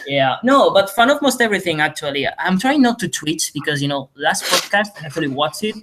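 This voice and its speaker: A man's voice: on the high side, very animated, fairly quick, noisy background. A man from Spain in casual podcast chat at his father's house, rambling through stories with lots of swearing and self-mockery. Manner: rambling, profane, self-mocking storytelling. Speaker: podcast co-host.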